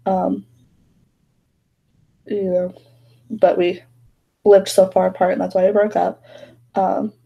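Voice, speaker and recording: A woman's voice: medium pitch, level tone, slow, vocal fry, pauses often, breathy edge, lo-fi sound. A young woman chatting casually while doing her makeup at home, rambling with lots of fillers. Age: young adult. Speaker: beauty vlogger. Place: bedroom at home.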